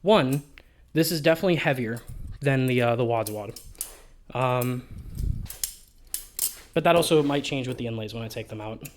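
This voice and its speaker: A man's voice: mid-range voice, normal speed, pauses often, a little hiss or hum. A man talking through a product review in a casual vlog, rambling and offhand, with frequent swearing. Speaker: balisong reviewer.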